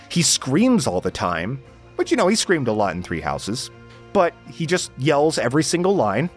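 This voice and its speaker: A young man giving casual, exasperated game commentary, sarcastic and swearing often. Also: medium pitch.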